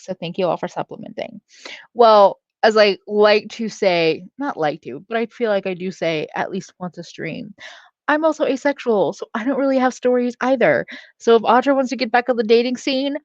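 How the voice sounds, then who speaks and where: A woman's voice: medium pitch, no room sound, muffled recording. A woman hosting a casual livestream, reading out chat, laughing often and swearing freely. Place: at home.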